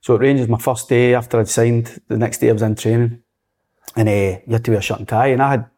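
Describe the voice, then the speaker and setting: A man's voice: medium pitch, quick pace. Middle-aged scottish guy, ex footballer, chatty storyteller, acts out the bits. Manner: lively storyteller, acts out quotes. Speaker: former footballer, guest. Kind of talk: casual anecdote telling.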